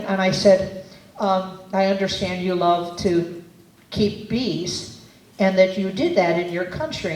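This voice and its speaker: A woman's voice: mid-range voice, darkish tone, slight background noise. A woman with a Midwestern American accent, telling earnest, meandering stories with many fillers in a public speech at a community festival. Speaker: festival speaker. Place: outdoor community festival stage. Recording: echoey, distant PA with faint ambience.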